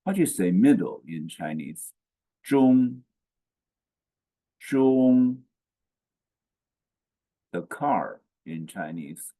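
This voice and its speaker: A man teaching pronunciation slowly, saying each syllable and then repeating it. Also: low-pitched, big pitch swings, warm tone, husky. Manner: slow and deliberate, repeats each syllable twice. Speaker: language teacher. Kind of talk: slow pronunciation lesson.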